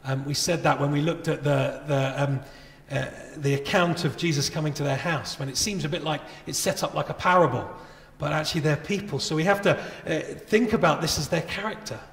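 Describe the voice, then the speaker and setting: A man's voice: on the high side, brisk, few pauses. Earnest male pastor in an echoey church. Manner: earnest and conversational, with many rhetorical questions. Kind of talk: sermon. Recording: echoey church with long reverb.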